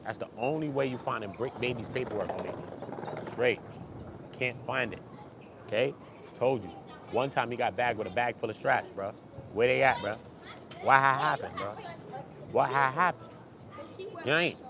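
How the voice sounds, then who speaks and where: A man hosting an online gossip commentary show, talking fast and slangy, swinging from low mutters to loud excited bursts. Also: noisy background. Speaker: YouTube commentary host. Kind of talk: animated street-gossip commentary.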